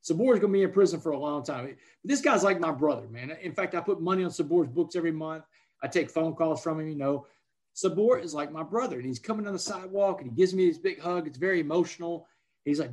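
A man's voice: on the high side, expressive, quick pace. A man in his forties, a podcast guest telling personal stories in an emphatic, conversational way, often saying "man". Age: 40s. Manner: emphatic, peppers speech with "man". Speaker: podcast guest, motivational speaker. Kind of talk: casual conversational storytelling.

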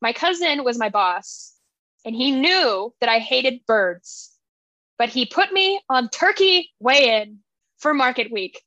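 A young American woman co-hosting a book chat podcast, her voice pitched high and recorded close and dry. She talks casually and excitably, laughing often and jumping into animated quotes. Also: slow, no room sound, muffled recording. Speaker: podcast co-host.

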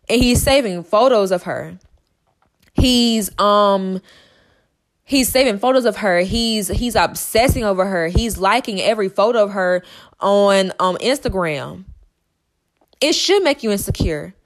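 Emphatic fast-talking woman podcaster. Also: medium pitch, expressive. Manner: emphatic and repetitive, fast with stutters. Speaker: podcast host. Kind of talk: podcast monologue.

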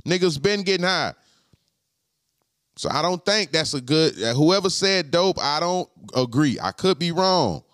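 A man hosting a podcast, talking to his live chat in a slangy, profane way and repeating his points slowly. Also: on the high side, animated, fairly bright tone, dry recording, clean studio sound. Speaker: podcast host. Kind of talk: casual live-stream chat.

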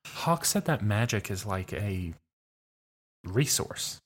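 A man's voice: fairly low pitch, very animated, slow pace, slightly rough. A man chatting casually as a player in a tabletop role-playing game, rambling with many fillers and restarts.

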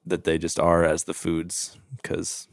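A man's voice: low voice, monotone, slow pace, vocal fry, no echo, studio quality. A man co-hosting a podcast, talking in an easygoing way while tasting whiskey. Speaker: podcast co-host. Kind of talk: casual whiskey-tasting chat.

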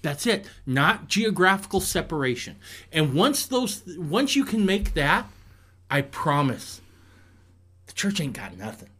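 A man's voice: a little high, big pitch swings, unhurried, bright, forceful tone, slightly rough. A man in a casual podcast conversation, agreeing along and chiming in with his own points. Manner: agreeable, chiming in with short replies.

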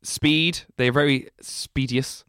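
A man's voice: mid-range voice, fairly even intonation, slow pace, a bit bright, smooth, dry recording, clean studio sound. A man with a Dublin Irish accent, co-hosting a podcast in casual, rambling, jokey banter. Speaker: podcast co-host. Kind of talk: casual chat.

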